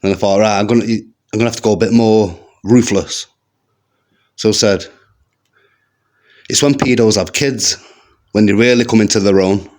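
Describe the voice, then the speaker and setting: A man with a West Midlands accent doing a stand-up set of one-liners in a deadpan, slangy way. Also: on the low side, normal speed, long pauses. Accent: West Midlands English. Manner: deadpan delivery with slangy asides. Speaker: stand-up comedian. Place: comedy venue stage with live audience. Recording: live gig with faint crowd and noise. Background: audience laughter.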